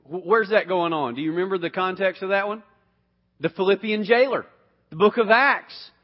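A man's voice: sits high, normal speed. A man leading an interactive Bible class, asking the group questions and often restarting his sentences. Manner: asks questions, repeats words, restarts often. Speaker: Bible teacher. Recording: dull sound with long hall reverb.

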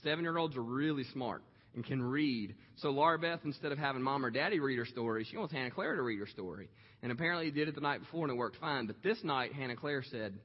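A man in his thirties preaches, telling a story in a slow, heartfelt way with many "um" pauses. His voice carries a long reverb, as if in a large hall, and the sound is a bit muffled and lo-fi. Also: mid-range voice, lively intonation. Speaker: pastor. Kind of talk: sermon storytelling. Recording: echoey hall, dull lo-fi sound.

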